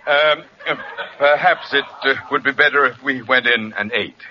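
An actor playing a smooth, courtly doctor who is amused and easygoing, in 1940s radio acting. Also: male voice, mid-range voice, normal speed, slight background noise, lightly acted. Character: amused society doctor, secretly down-to-earth. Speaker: doctor character. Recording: lo-fi vintage radio broadcast.

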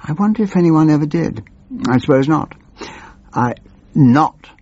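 A man playing a rambling, pompous, forgetful older member of parliament in a comic monologue, with a creaky, husky, plummy voice. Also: on the high side, animated, unhurried, darkish tone, dry recording, muffled recording, pitched above the performer's own voice. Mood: musing. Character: doddering old male MP, pompous, rambling.

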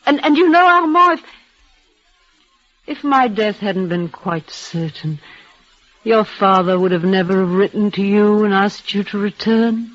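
An actress voicing a dying, devoted young woman in an old radio drama, speaking in breathless, halting, emotional bursts. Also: mid-range voice, lively intonation, fairly bright tone, soft background music. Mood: resigned, tender. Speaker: leading lady in a radio play. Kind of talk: 1940s radio acting. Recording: dull lo-fi old radio recording.

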